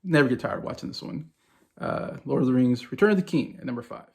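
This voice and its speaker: A man in his forties with a gravelly, creaky edge and a mid-range pitch talks eagerly about films he loves. He rambles in a casual vlog way, tripping over restarts and fillers as his excitement builds. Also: fast. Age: 40s. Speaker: movie vlogger. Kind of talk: casual movie ranking vlog.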